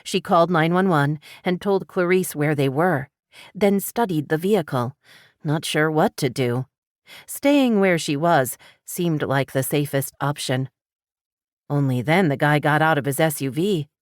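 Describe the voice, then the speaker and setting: Low-voiced woman narrating an audiobook. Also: measured pace, no echo, studio quality. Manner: steady, dramatic storytelling.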